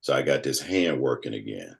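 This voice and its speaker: Man in his fifties, extremely low voice, animated storytelling, mimics others' voices. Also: fairly quick, creaky. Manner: animated storyteller who acts out quoted voices. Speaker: guest. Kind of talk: casual storytelling conversation.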